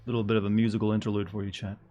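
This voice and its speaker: A man's voice: lowish voice, flat delivery, rapid-fire, dark tone, soft background music. A man streaming a game, giving casual, wry commentary and musing aloud with questions.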